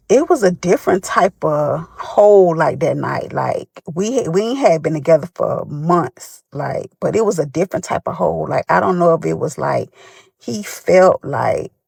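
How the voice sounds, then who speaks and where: A woman with a squeaky voice telling a rambling personal story with many fillers. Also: vocal fry, slightly rough, no echo. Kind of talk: casual storytime.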